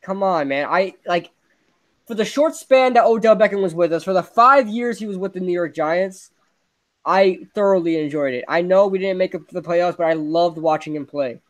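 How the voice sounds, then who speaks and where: Excitable young man ranting about football. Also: sits high, normal speed. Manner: excitable, ranting, laughs often. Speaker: podcast host. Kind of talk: casual sports chat.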